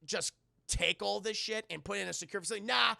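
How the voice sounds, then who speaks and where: A man reviews a film on a casual, profane livestream, excitable, often addressing his chat and acting out characters in loud voices. His voice is high, quick and creaky, recorded at studio quality with no echo.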